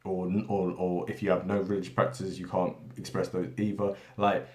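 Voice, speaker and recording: A man's voice: deep voice, little pitch movement, moderate pace, darkish tone. Rambling British-raised man, echoey room. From Britain. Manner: rambling, many tag questions and restarts. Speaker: political commentary channel host. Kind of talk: unscripted monologue.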